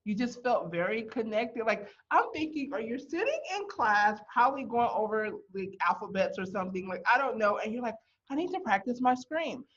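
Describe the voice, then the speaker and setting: Lively woman host on dull lo-fi audio. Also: a little high, fairly quick, hardly any pauses. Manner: curious, encouraging questions. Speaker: podcast host. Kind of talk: casual interview.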